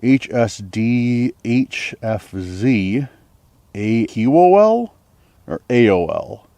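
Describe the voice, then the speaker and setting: On a forest trail at night, a male outdoor vlogger talks to the camera in a warm, expressive, mid-range voice, speaking very slowly. He rambles uneasily, stuffing his speech with fillers. There's no echo.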